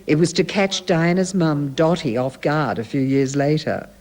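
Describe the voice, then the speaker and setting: A narrator reading a scripted biographical segment in a measured, even way. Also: medium pitch. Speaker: documentary narrator. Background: music.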